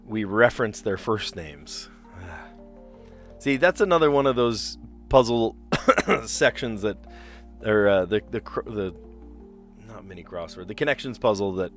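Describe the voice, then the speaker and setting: A man from South Jersey hosting a livestream, chatting casually and thinking aloud as he works through word puzzles, often second-guessing himself. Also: fairly low pitch.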